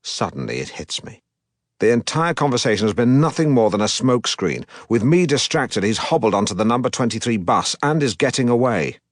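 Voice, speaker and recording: A man reading an audiobook as a pompous, self-regarding middle-aged broadcaster, in a deadpan, self-important manner. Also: medium pitch, a little fast, no echo, studio quality. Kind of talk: audiobook narration.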